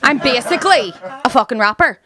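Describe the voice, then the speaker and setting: A woman's voice: high voice, lively intonation, a little fast. A woman from West Belfast with a Belfast accent doing a stand-up set, with brash, sweary banter aimed at the crowd. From West Belfast, Northern Ireland. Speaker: stand-up comedian. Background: live audience laughing.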